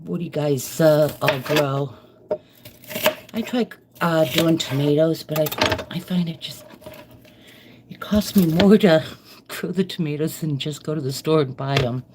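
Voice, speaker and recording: A woman's voice: sits low, a little slow, pauses often. A middle-aged woman chatting casually to viewers while cooking live in her home kitchen, rambling and friendly with her audience. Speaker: live-stream cooking vlogger. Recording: kitchen noise under the voice. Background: chopping and kitchen clicks.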